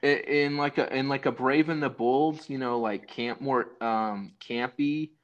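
A man co-hosting a casual comedy chat, rambling and halting as he talks. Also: medium pitch, steady tone, highs cut off. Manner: rambling, halting, self-correcting. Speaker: podcast co-host.

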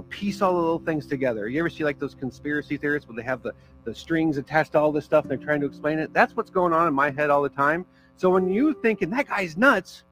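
A man's voice: a little high, fairly bright tone, poor audio. A man preaching a sermon as pastor, in a casual, conversational way with fillers and small jokes.

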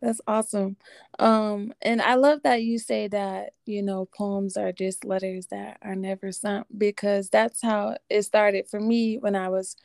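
A woman's voice: medium pitch, level tone, a little slow, gravelly, a little mellow, no room sound, studio quality. A woman hosting a podcast interview who chats casually and encourages her guest. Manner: encouraging, affirming listener. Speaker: podcast host.

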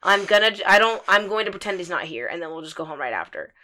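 A woman's voice: fairly low pitch, animated, fast talker, sharp tone. A young woman telling a story in casual podcast chat, blunt and swearing freely, with many fillers.

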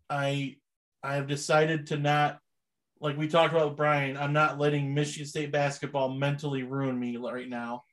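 A young man talks loosely as a podcast co-host, his voice sitting a little high. He rambles along in relaxed chat and laughs often. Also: normal speed. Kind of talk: casual chat.

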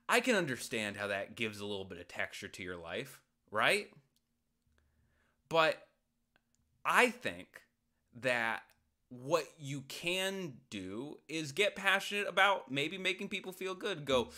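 A man with a bright, forward voice hosts a solo advice podcast. He rambles and jokes his way through a listener's question, breaking into sudden loud outbursts. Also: fairly high pitch, sing-song, measured pace.

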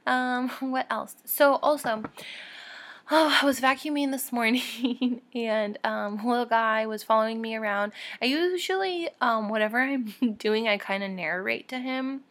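Chatty young woman, gravelly edge. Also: a little high. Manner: candid and chatty, with frequent soft laughs and fillers; heartfelt and encouraging toward listeners. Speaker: podcast host. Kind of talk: casual solo podcast talk.

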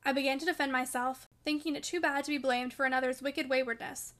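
A woman reading a classic novel aloud in a measured, even storytelling manner. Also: sits high. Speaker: reader. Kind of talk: audiobook narration of a classic novel.

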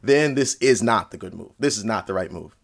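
A man's voice: lowish voice, expressive, a little fast, creaky. A man as a podcast guest, giving blunt, confident opinions in casual talk.

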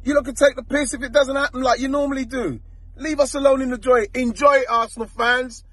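A man's voice: extremely high pitch, steady tone, brisk, fairly bright tone, no echo. A man in a played clip, giving a passionate, pleading rant as a football supporter. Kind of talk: impassioned fan rant.

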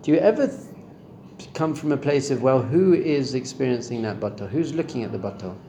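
A middle-aged spiritual teacher gives a Torah class on meditation to a live audience in a room, speaking conversationally and asking his listeners questions. His medium-pitched voice is warm and animated at a moderate pace, with reverb and a little hiss or hum in the recording.

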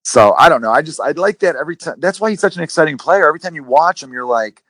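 A man hosting a casual sports podcast, rambling and animated, with some swearing. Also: fairly high pitch, fast talker, no echo. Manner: rambling, profane, animated retellings. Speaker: podcast host.

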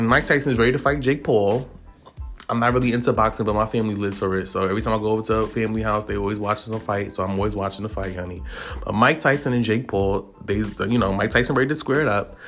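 A man talking straight to camera about celebrity gossip, loose and profane. His voice sits at a middling pitch, and his delivery is chatty and opinionated. Faint music plays underneath. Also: a bit bright. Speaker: vlogger. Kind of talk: casual celebrity gossip commentary.

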